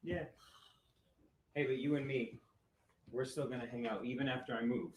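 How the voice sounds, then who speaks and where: A man playing an insistent divorced father who is quick to anger, in acted drama dialogue. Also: medium pitch, fairly even intonation, darkish tone, close to an everyday voice. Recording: roomy with faint noise.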